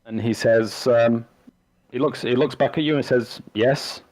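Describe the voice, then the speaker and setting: A man narrating as game master of a tabletop game, in a halting way with frequent restarts. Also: mid-range voice, steady tone, darkish tone, poor audio. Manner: halting, full of fillers and restarts.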